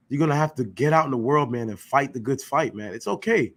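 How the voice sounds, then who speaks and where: A man with a mid-pitched, slightly bright voice teaches a relaxed scripture class, talking fast and animatedly. He leans on slang and emphasis, poses rhetorical questions, and checks in again and again with "you know what I'm saying."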